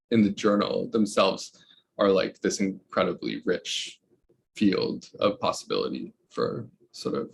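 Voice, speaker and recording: A man's voice: on the low side, vocal fry. A young man speaking as a researcher in an academic interview, hesitant, with many fillers and restarts. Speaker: researcher guest.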